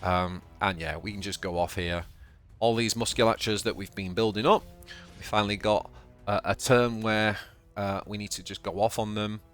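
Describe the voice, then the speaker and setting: Man, Yorkshire accent, low voice, casual gameplay commentary, thinks aloud, repeats himself, faint music underneath. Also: steady tone, normal speed, fairly bright tone, smooth. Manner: chatty, thinking aloud, stumbles and repeats words. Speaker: channel host and card game player.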